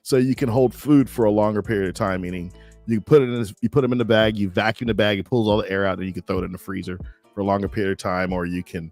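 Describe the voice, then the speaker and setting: Guy co-hosting a live stream, telling stories all animated, faint music behind. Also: fast talker, dry recording. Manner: animated storyteller, jumps into high voices when quoting people. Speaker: co-host. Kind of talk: casual chat. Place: home studio on a live stream.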